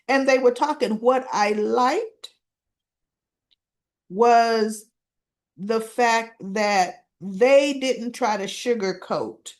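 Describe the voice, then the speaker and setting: A woman's voice: a little high, slow, a little mellow. A woman recapping a soap opera episode in a casual, chatty way, acting out the characters' lines and laughing often.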